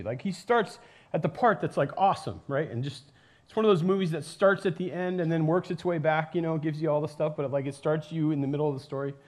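A man preaching a sermon in a casual, animated storytelling way, with lots of fillers and asides. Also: fairly high pitch. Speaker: pastor. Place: church.

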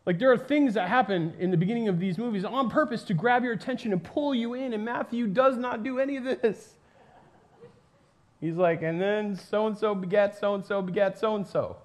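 A man preaching a sermon in a casual, animated storytelling way, with lots of fillers and asides. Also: very high voice, brisk. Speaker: pastor. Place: church.

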